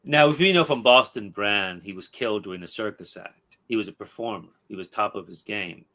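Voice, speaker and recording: A man hosting a podcast, retelling a comic book story in an animated way and checking in with his listeners. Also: fairly low pitch, a little fast. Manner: animated storyteller with tag questions. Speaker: podcast host.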